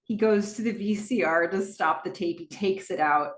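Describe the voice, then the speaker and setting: A woman's voice: mid-range voice, normal speed. Chatty podcast host woman, roomy echo. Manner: chatty with frequent fillers. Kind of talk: casual episode recap.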